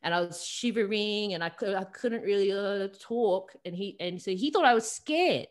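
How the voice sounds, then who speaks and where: An Australian woman, a holistic coach, telling a personal story over a video call, lively and full of fillers. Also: medium pitch, moderate pace. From South Australia. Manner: animated retelling with acted-out quotes and many fillers. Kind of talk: storytelling in an interview.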